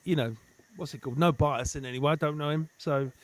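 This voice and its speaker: A man from Essex, a comedian guest in casual chat who is animated, swears and repeats himself for emphasis. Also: fairly high pitch, quick pace. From Essex, England.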